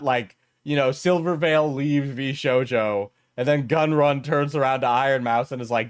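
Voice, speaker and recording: A man's voice: medium pitch, moderate pace, hardly any pauses, clean tone. A man streaming casual reaction commentary, sarcastic and crude, often laughing as he talks.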